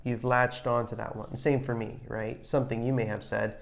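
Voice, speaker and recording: A man co-hosting a podcast with his wife, talking in a measured, reflective way with frequent restarts. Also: medium pitch, little pitch movement, gravelly. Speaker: podcast co-host, husband. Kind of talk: casual advice chat.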